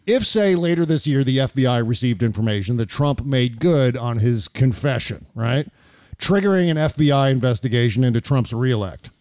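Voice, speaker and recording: A man's voice: medium pitch, moderate pace, no room sound, clean studio sound. Indignant man talking politics. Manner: animated, indignant, swears. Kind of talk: political chat.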